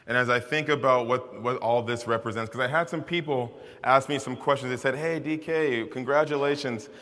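A man preaching a sermon in a relaxed, conversational and self-deprecating way, with asides and repeated phrases. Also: medium pitch, fairly quick. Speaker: pastor. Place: large hall with an audience. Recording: long hall reverb.

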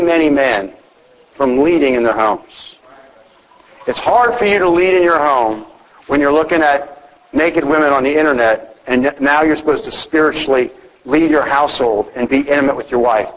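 Man preaching in a slightly high voice. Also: big-room sound, low-quality recording. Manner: conversational preaching with personal stories. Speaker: pastor. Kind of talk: sermon.

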